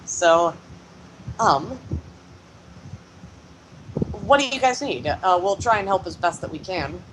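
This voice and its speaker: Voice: mid-range voice, lively intonation, slow, a bit bright, slight background noise, voice pushed up, poor audio. A game master doing a cheerful, doting guild leader. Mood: friendly. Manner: friendly, welcoming, rambling. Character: cheerful male guild leader, a proud new father. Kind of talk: game master voicing a character.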